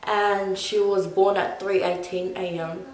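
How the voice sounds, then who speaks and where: A woman's voice: medium pitch, level tone, measured pace. A young woman casually telling a personal story as a vlogger, rambling with lots of "like". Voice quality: rambling, full of "like". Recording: echoey room.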